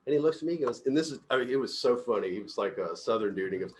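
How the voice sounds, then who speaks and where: A middle-aged man talks through a book with his team in a loose, chatty way. He laughs often, and his voice jumps up sharply whenever he acts out what someone said in a story. His pitch sits in a medium range. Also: animated, racing, few pauses. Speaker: company CEO leading a book discussion. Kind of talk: casual group book discussion.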